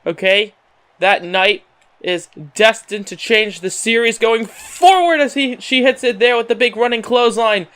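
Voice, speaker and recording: High, smooth-voiced man calling game wrestling. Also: a little slow. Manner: excitable announcer patter, repeating "however" and filler words. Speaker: gaming channel host. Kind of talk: play-by-play wrestling commentary over a video game.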